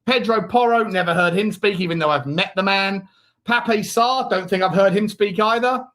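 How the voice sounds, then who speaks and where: A man's voice: high voice, normal speed, a bit bright. A man hosting a live football watch-along, chatting in a rambling way and reading out viewer messages. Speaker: host.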